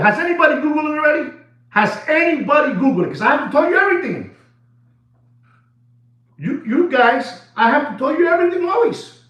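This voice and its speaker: A man dealing in watches, ranting excitedly to camera in casual talk, repeating himself and dropping into Spanish phrases. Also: very high voice, brisk, pauses often. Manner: animated, repetitive, switches into Spanish phrases. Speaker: watch dealer. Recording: echoey room, dull lo-fi sound.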